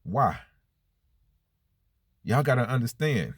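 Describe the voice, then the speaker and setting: Earnest man preaching in a low, dry voice. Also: very animated, slow pace, long pauses, husky, no echo. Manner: earnest, plainspoken, with rhetorical questions and repetition. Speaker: motivational speaker. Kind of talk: spoken-word preaching monologue.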